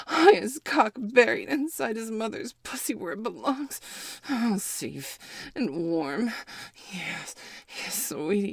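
A woman voicing a breathy, possessive adult woman. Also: fairly high pitch, no echo, exaggerated voice. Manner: breathy, moaning, partly whispered. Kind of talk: adult audio role-play.

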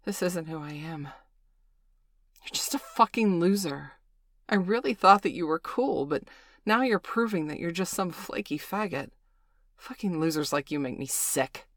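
Spiteful young woman, read by a woman narrator, low voice, insulting, dry audiobook sound. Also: fairly even intonation, normal speed, hardly any pauses, a little mellow, no room sound. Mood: contemptuous. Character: cruel young woman, contemptuous and vicious. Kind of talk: audiobook character voice.

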